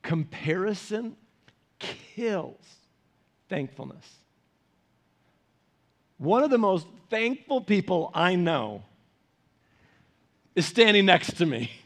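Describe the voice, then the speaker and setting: A man's voice: high-pitched, sing-song, takes it slowly, pauses often, a bit bright. A man pastor giving a casual, conversational sermon, often repeating and restarting words.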